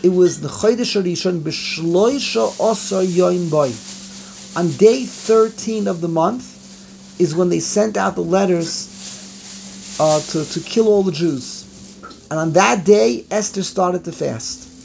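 New guy teaching torah, gravelly voice, repeats himself a lot. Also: high-pitched, slow, a little hiss or hum. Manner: animated teaching, repeats phrases, mixes Hebrew and Yiddish words. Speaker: rabbi teaching. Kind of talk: Torah class on the Passover Haggadah.

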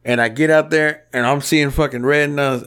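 A man in his thirties with a slightly high voice, swearing freely through a rowdy, casual podcast chat. He tells garage stories and acts out every quote in character. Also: steady tone, fairly quick, a bit bright, smooth. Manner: profane, rowdy storytelling with acted-out quotes. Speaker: podcast co-host.

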